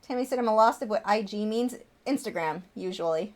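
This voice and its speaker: A woman's voice: medium pitch, fairly quick, a little mellow. A woman in her thirties, an artist chatting casually on her livestream, answering viewer questions and cooing at her pet bird.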